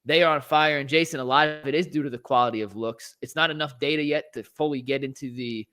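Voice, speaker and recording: A man's voice: medium pitch, quick pace, bright, forceful tone. A man hosting a sports talk show, talking animatedly and rattling off statistics.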